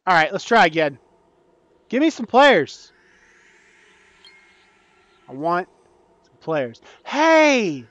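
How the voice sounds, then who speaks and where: A man casually commenting on his own gameplay, swinging between low muttering and frantic panicked outbursts. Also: sing-song, slow, pauses often, fairly bright tone, no room sound, lo-fi sound. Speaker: gaming channel host.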